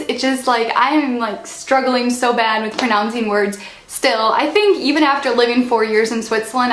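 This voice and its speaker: A woman's voice: high voice, fairly bright tone. Chatty woman vlogging in an echoey room. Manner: chatty, laughs often, addresses viewers as you guys. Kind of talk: casual vlog talk to camera.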